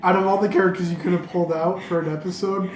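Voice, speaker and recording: A woman's voice: lowish voice, steady tone, fast talker, a little mellow. A woman co-hosting a podcast in casual chat, teasing and joking with her friend. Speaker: podcast co-host. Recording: echoey room with faint background hum.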